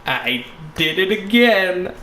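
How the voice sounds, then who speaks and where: A man's voice: sits high, sing-song, very slow, pushed and bright, roomy sound, slight background noise. A man giving joking let's play commentary, goofy and playful, slipping into silly voices. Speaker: gamer.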